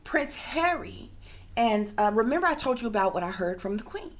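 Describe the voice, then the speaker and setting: A woman, a psychic reader, telling a long story to her viewers in a rambling, emphatic way, swearing freely and sometimes dropping to a hushed whisper. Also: on the high side, big pitch swings, normal speed. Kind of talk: casual storytelling monologue to viewers.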